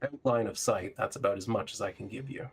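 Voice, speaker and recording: Low voiced dm guy narrating the fight, lots of um, bit of music behind. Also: fairly quick, creaky, breathy edge. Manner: relaxed, hesitant, many ums. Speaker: game master. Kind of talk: narrating a tabletop game.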